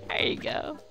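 A woman chatting casually while streaming a game live, rambling and excitable as she talks to viewers. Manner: rambling and excitable, restarts and laughs often. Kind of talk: casual live gameplay commentary.

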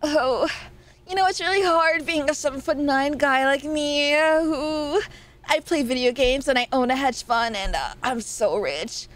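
A woman's voice: high-pitched, unhurried. A woman voicing a boastful, very tall, rich single man in a mock-bragging way. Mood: smug bragging. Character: smug giant rich bachelor man, boastful.

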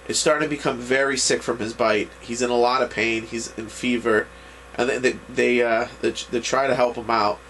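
A man's voice: medium pitch, fairly bright tone, a little hiss or hum. A man giving a casual, rambling recap of an anime episode, full of restarts and fillers. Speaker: anime reviewer.

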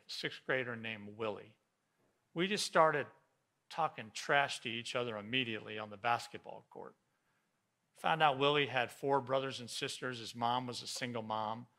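A pastor delivering a sermon, animatedly retelling a story and voicing the people in it. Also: male voice, mid-range voice, expressive, moderate pace, gravelly, bright, forceful tone. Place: church sanctuary.

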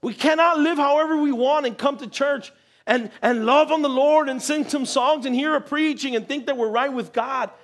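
High-pitched guy preaching in church, super animated, does little voices, laughs a lot. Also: normal speed. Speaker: pastor. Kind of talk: sermon. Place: church sanctuary.

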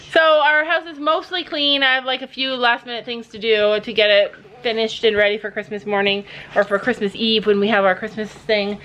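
A middle-aged woman chatting casually in a family vlog, outdoors at a barn, talking to her dogs and horses. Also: pushed and bright. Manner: chatty, talks to pets in a high playful voice. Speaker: vlogger, mother.

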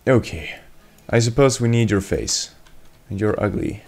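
A man's voice: on the low side, a little slow, a little mellow. A young man giving jokey gameplay commentary as a let's play host, bursting into yelps and swearing and teasing the game monsters. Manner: talks to game monsters in mock voices.

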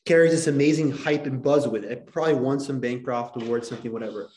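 Casual, digressive male lecturer, average pitch, filler words, recorded in a reverberant classroom. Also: darkish tone. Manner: rambling, digressive, many filler likes. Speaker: history teacher.

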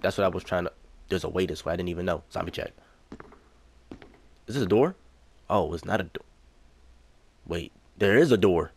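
A young man with a low, deep voice talks his way through a horror game, muttering to himself and repeating his lines. A faint hiss of noise sits under the recording. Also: normal speed, gravelly, pauses often, darkish tone. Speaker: gaming YouTuber. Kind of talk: let's play commentary.

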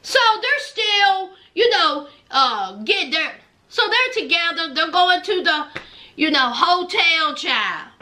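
With sass and slow delivery, a woman recaps a reality show, spilling gossip in a sharp, bright, very high voice. Her pitch rises and falls in wide, animated arcs as she addresses listeners as "honey" and "child."

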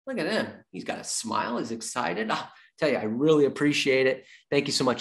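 A man giving an energetic sales training talk, repeating his key points like a coach and acting out little dialogues with clients. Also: mid-range voice, brisk, creaky, few pauses. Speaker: real estate sales trainer.

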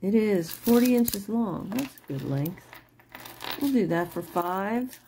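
A woman's voice: mid-range voice, expressive, slow pace, dark tone, slight background noise. A middle-aged woman selling jewelry online in casual, rambling chat, laughing often and apologizing after she curses. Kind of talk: casual live-sale chat.

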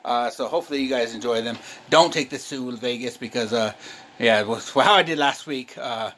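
Male vlogger, mid-pitch, loose and rambling, self-deprecating host talking to camera at home. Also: moderate pace, fairly bright tone. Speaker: sports channel host. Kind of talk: casual sports picks vlog.

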